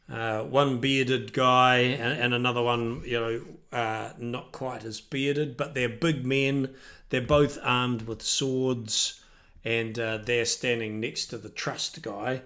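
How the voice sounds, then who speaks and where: A man runs a tabletop game as game master, describing scenes in a slow, halting way full of ums and restarts. His voice sits at a middle pitch. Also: a bit bright. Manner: hesitant, many ums and restarts.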